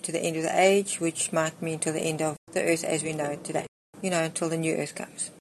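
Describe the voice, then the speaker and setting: A middle-aged woman delivers a sermon in a slightly low voice. She speaks earnestly and gives scripture lines firm emphasis. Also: a little hiss or hum. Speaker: preacher.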